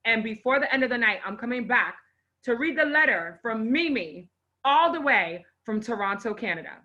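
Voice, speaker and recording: A woman hosts her own live online show with a bright, fairly high voice. She gushes and exclaims, emotional and close to crying as she talks to her viewers and brings on a guest. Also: lively intonation, moderate pace, lo-fi sound. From Haitian parents. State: on the verge of tears. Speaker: host.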